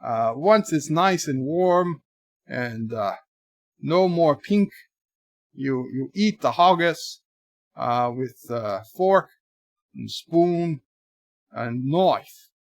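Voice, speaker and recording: A man hosting a casual livestream, rambling through deadpan joke answers to viewer messages in a put-on mock accent. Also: on the high side, very slow, long pauses, no echo, clean studio sound. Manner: rambling, jokey deadpan nonsense. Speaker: livestream host.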